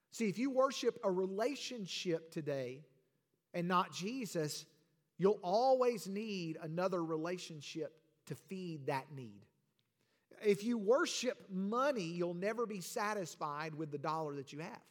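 Man preaching, high voice, emphatic with quiet asides, long hall reverb. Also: lively intonation, measured pace. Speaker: pastor. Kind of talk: sermon.

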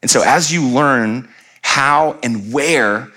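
A pastor in his late thirties preaches to his congregation, mixing comic family stories with his message. His voice sits at an ordinary middle pitch, and he often tosses jokes and asides to the room. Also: slow pace, bright, forceful tone. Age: 30s. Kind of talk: humorous sermon. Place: church sanctuary.

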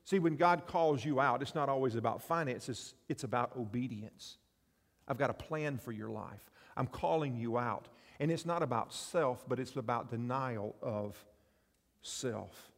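A man's voice: medium pitch, measured pace. A man preaching a sermon in a conversational way, asking his listeners rhetorical questions. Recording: long reverb of a large hall.

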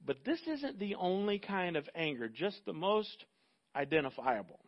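High-voiced pastor preaching conversationally. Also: male voice, very animated, normal speed, muffled recording. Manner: conversational, emphatic, with rhetorical asides. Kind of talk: sermon.

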